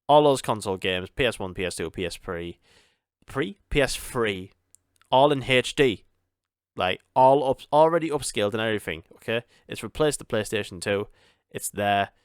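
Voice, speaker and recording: A man's voice: on the low side, clean tone, no room sound, clean studio sound. A young man, hosting a solo podcast in a casual, rambling way, repeating words and laughing often. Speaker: podcast host.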